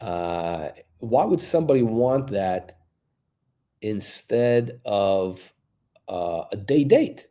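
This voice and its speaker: A man's voice: lowish voice, lively intonation, slow, mellow. A male watch channel host giving blunt, crude, rambling off-the-cuff commentary.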